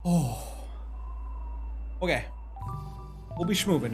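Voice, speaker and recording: A man casually commenting on a game as he plays, excitable and joking, swearing and laughing often. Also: medium pitch, a little slow, gravelly, over music. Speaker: streamer.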